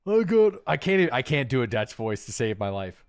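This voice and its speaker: A livestreaming gamer chats casually with his audience and thanks subscribers by name in a mid-range, fairly quick voice. The tone is easygoing and chatty, thick with fillers and little asides to chat.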